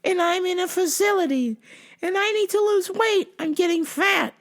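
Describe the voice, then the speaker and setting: A woman's voice: very high-pitched, normal speed, pitched above the performer's own voice. A woman voicing a confused elderly woman on the phone, rambling and repeating herself. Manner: rambling, repetitive.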